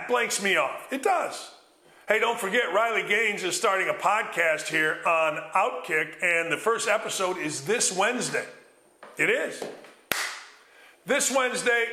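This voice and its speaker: A man's voice: sits high, sharp tone, echoey room. Blunt, ranting sports talk host man. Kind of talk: fired-up sports radio rant.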